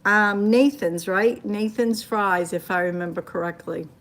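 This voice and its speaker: An older woman with a Maine accent chats casually on a phone livestream, reading viewer comments and telling stories. Her voice is medium-pitched, a bit bright, and unhurried.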